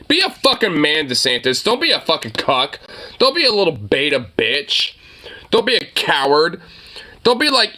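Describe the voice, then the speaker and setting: Lively, bright-voiced streamer ranting profanely. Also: mid-range voice, moderate pace. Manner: profane, mocking outbursts with laughter and stammering. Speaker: streamer reacting to a political debate. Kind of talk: live reaction commentary.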